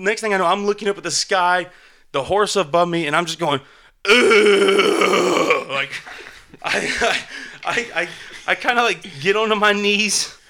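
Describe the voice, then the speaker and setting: A man telling a fall story to friends in casual chat, animated, swearing often and saying "like" a lot. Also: sits high. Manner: animated, swearing, heavy use of "like".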